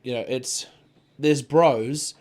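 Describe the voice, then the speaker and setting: A man talking loosely on a podcast, mid-pitched and rambling. He swears freely and leans on "like" and "you know" while he chats. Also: slow pace, darkish tone. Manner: rambling, swears freely, frequent filler words. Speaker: podcast co-host. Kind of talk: casual chat.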